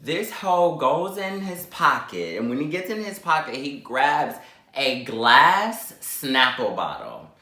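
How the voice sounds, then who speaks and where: A man tells a wild story to his camera, throwing himself into every quoted line with sudden jumps in pitch. His voice is bright and forward, and the room behind him echoes noticeably. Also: very animated, slow. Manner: dramatic, acts out quotes with big pitch jumps. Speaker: vlogger. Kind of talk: animated storytime while eating.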